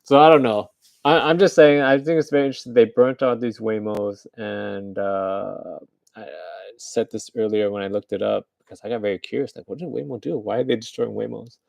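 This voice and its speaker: Low gravelly dude rambling about the news, dry close sound, keeps saying right?. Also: male voice, fairly even intonation, moderate pace, darkish tone, no room sound. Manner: loose and chatty, keeps asking "right?". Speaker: news commentary vlogger. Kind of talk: casual rambling commentary.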